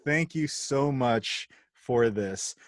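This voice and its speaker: A man's voice: medium pitch, very slow, no room sound, studio quality. A man hosting a podcast interview, encouraging and laughing along with his guest. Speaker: podcast host.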